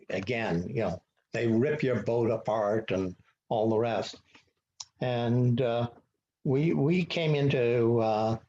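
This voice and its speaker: A man's voice: mid-range voice, a little mellow. An older man telling rambling sailing anecdotes in a meetup talk, acting out the dialogue with lots of fillers. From Ottawa, Canada. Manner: rambling storyteller who acts out dialogue, many fillers. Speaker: guest speaker. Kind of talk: anecdotal presentation on an online meetup. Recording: dull lo-fi online call audio.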